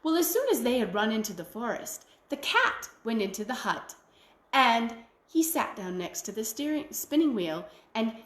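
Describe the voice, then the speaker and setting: A woman storyteller telling a traditional tale in an expressive, folksy way. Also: fairly high pitch, moderate pace, echoey room. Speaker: library storyteller. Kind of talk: oral storytelling.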